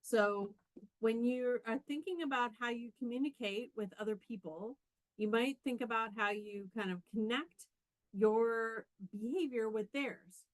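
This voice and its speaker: A middle-aged woman from Canada, a communication professor, giving a fast, explanatory conference lecture. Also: a little high, no room sound, poor audio.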